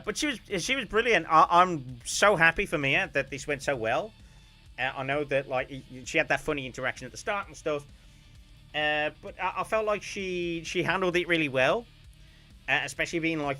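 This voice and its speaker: A man chatting casually on a stream, telling a story with animated bursts of loud, laughing shouts. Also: fairly high pitch.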